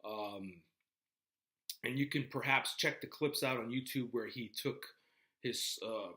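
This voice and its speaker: A man's voice: medium pitch, unhurried, pushed and bright. Rambling man giving a class talk. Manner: rambling, many fillers and restarts. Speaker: lecturer. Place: classroom with a board.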